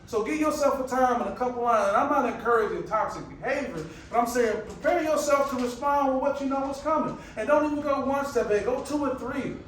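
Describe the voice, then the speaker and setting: A man giving an energetic, casual motivational presentation, calling out to the crowd in a preacher-like way. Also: very high voice, fairly quick, few pauses, far from the mic. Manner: energetic, preacher-like call and response; casual, colloquial phrasing. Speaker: motivational speaker. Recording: very echoey room, picked up from afar.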